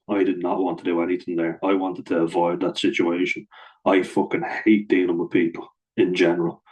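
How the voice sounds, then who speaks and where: Deep flat-voiced Irish man venting. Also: poor audio. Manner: blunt, heavy swearing, venting. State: wearing a blood-pressure cuff. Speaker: vlogger. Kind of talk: casual storytelling to camera.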